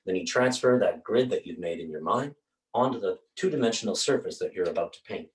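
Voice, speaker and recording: A man performing a one-man theatre show. He tells the story in an animated way with dramatic asides, and paints on stage while he talks. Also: sits low, a little fast, slight background noise. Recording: roomy stage sound from a distance.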